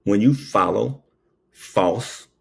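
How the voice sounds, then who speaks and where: Slow, gravelly-voiced man telling a story. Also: lowish voice. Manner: preachy, drawling, tags lines with "okay?". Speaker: paramedic. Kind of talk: casual storytelling monologue.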